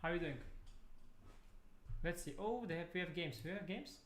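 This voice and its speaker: A man's voice: high-pitched, expressive, normal speed, fairly bright tone. A man chatting playfully with his viewers while setting up a chess stream at his computer, talking to them directly as he clicks around. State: tired, speaking softly at first. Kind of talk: casual live-stream chat. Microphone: desktop USB mic.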